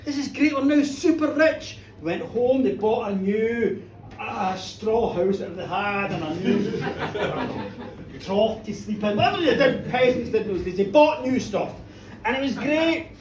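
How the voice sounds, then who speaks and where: Live storyteller, lively high voice, distant echoey pub mic. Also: slow pace, noisy background. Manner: animated, playful, loud sound effects and audience bidding. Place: bar with a live audience. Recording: roomy, distant live bar recording.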